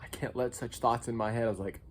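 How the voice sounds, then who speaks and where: A man's voice: fairly even intonation, fast talker. Jokey young American guy telling stories. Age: young adult. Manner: jokey, swings from loud squeaky outbursts to low mutters. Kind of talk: casual storytelling vlog.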